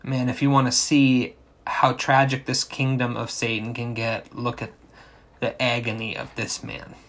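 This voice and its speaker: Slow-spoken man preaching. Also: mid-range voice, completely flat delivery, fairly bright tone. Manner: slow, explanatory, asks rhetorical questions. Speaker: pastor. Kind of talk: sermon.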